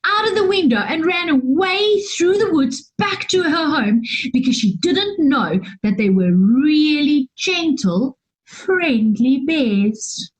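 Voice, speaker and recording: A woman reading a children's story aloud, expressive and drawn out, with gasps and sighs. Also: high-pitched, poor audio. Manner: slow and animated, with gasps and sighs.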